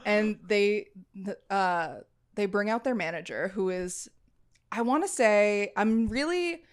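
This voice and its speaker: A young adult woman co-hosts a relaxed podcast chat. Her voice sits at a middle pitch, and she tells a story with animated energy, swearing freely along the way. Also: slow pace, smooth. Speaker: podcast co-host. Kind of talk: casual chat.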